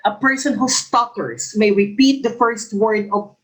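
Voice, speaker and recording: Slow-talking male professor with a lisp. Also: high-pitched, a bit bright, poor audio. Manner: reads each question twice, then explains slowly. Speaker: English professor and exam coach. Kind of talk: exam review lecture.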